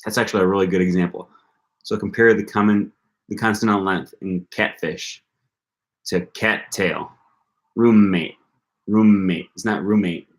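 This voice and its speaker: Young man, very low voice; casual live-stream study talk, thinks aloud, repeats sounds. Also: steady tone, normal speed, a bit bright. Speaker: language-learning streamer.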